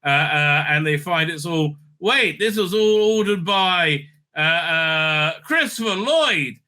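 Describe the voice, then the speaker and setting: A man's voice: fairly high pitch, lively intonation, slow pace, bright, forceful tone. A man hosting a casual, sardonic episode recap, rambling with many fillers and restarts. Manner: sardonic, mocking. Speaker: host.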